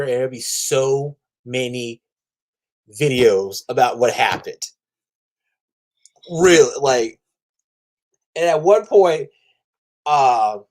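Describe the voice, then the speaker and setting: A man hosting a casual comic book review vlog, rambling and restarting often, trash-talking with crude language and laughing at his own jokes. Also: on the high side. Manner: animated, profane trash talk with laughter; rambling with frequent restarts and fillers. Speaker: comic book video host.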